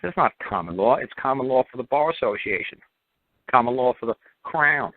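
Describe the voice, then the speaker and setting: A man hosting a radio talk show, blunt and animated, mocking others in put-on quotes. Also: medium pitch, normal speed, no echo. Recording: tinny phone-like dry audio.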